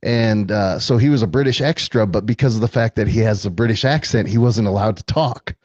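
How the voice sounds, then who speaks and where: A man's voice: fairly low pitch, a little fast, a little mellow, no room sound, highs cut off. A man telling stories as a guest, chatty with many fillers and frequent laughs. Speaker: guest, former film extra. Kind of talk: casual storytelling.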